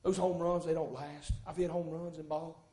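A man preaching a sermon in a church, folksy and rising into fervent shouts. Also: on the high side, level tone, moderate pace. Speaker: pastor. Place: church sanctuary. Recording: echoey church room.

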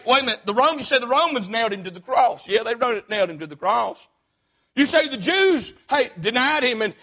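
A man's voice: sits high, fairly bright tone. A man preaching a sermon, emphatic and punctuating his points with "hey".

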